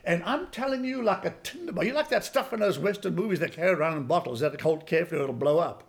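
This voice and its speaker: A man in his sixties preaching a sermon as pastor, folksy and emphatic, swinging from quiet asides to loud exclamations. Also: high voice, lively intonation, fast, creaky. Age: 60s.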